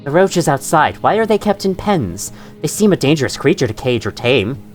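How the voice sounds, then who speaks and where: A man voicing a calm, stern female bug warrior in formal, measured speech. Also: fairly high pitch, faint music behind.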